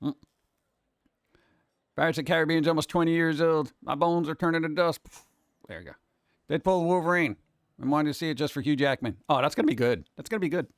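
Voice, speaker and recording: A man's voice: fairly high pitch, fairly quick, pauses often, no echo, clean studio sound. A man hosting a casual live stream, chatting with his viewers in a rambling, jokey way and jumping from topic to topic. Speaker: cartoon creator and streamer host. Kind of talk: casual chat with a live chat audience.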